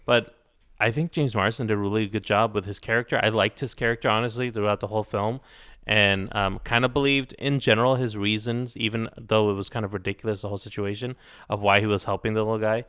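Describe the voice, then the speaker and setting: A man talks through a movie in casual podcast chat, thoughtful and hesitant, often restarting his sentences. His voice is low-pitched and smooth. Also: steady tone, fast, a bit bright. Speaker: podcast co-host.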